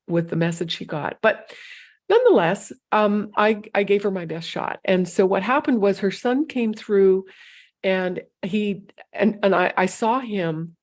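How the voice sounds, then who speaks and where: Animated woman telling stories, middle-aged. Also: mid-range voice. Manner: animated, emotional, with frequent restarts. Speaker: psychic medium sharing client stories. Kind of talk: casual storytelling to camera.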